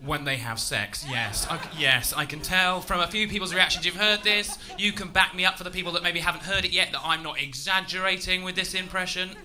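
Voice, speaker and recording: A man's voice: high voice, a little fast, hardly any pauses. A young man with a Lincolnshire accent doing a chatty, self-mocking stand-up set on a comedy club stage. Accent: Lincolnshire English. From England. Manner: chatty, self-mocking, with loud shouted bursts. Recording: live club recording with crowd noise.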